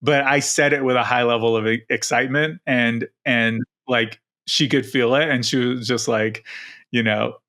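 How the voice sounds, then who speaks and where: A middle-aged man in easy podcast conversation, his voice gravelly with fry. He speaks in a flat, even tone and circles back over his words as he thinks aloud. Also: medium pitch, moderate pace. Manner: rambling, many restarts. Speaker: podcast co-host. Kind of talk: casual podcast chat.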